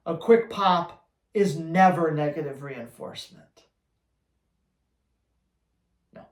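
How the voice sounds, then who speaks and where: A man's voice: on the high side, takes it slowly, long pauses, reverberant. A man who trains dogs, answering viewer questions in a blunt, teasing, emphatic way. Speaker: dog trainer.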